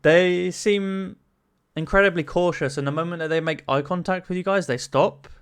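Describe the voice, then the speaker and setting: A man's voice: sits high, steady tone, moderate pace, clear, resonant tone. A man narrating a tabletop game as game master, casual, laughing often and swearing.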